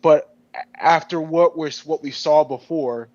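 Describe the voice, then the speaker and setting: A man co-hosting a podcast in casual discussion, animated and rambling with many restarts. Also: on the high side, a little slow, no echo, dull audio. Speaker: podcast co-host.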